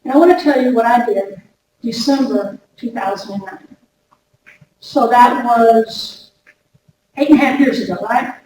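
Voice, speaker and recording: A woman's voice: on the high side, unhurried, pauses often, mellow. Chatty woman speaker in an echoey hall. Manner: chatty, repeats words, addresses audience directly. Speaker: workshop speaker. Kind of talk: lively workplace wellness talk. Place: large room before an audience. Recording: echoey hall recorded from far off with noise.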